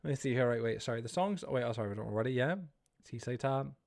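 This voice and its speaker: A man's voice: medium pitch, very fast, gravelly, a little mellow. A man streaming live, chatting casually and rambling to his viewers while he plays, easily startled. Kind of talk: casual livestream chat while gaming.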